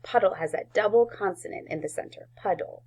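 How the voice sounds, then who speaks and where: A woman teaching a recorded phonics lesson to first graders, sounding out words slowly and clearly with gentle encouragement. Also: medium pitch, noisy background.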